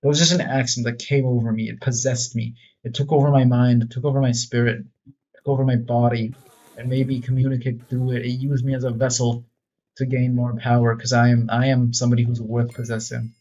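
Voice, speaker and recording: A man's voice: medium pitch, little pitch movement, fairly quick, a little mellow. Self-mocking man in lo-fi gameplay commentary. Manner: joking, self-mocking, rambling. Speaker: gaming video creator.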